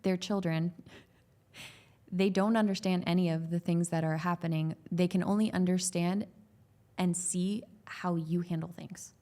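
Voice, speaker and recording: A mother of small children who coaches people on growth joins a podcast to discuss parenting. Her fairly low, dark voice stays fairly even and measured. She talks earnestly and loosely, often restarting and leaning on "like."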